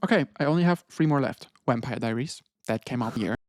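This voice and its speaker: A man's voice: mid-range voice, fast talker, no echo, clean studio sound. A young man, co-hosting a podcast in casual chat, rambling with lots of fillers and the odd swear. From Germany. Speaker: podcast co-host.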